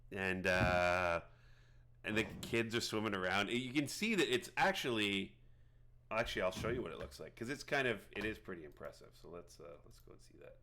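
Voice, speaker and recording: Low-voiced rambling game master, man. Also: animated, bright, forceful tone, slight background noise. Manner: rambling, halting, lots of fillers and restarts. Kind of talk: narrating a tabletop game.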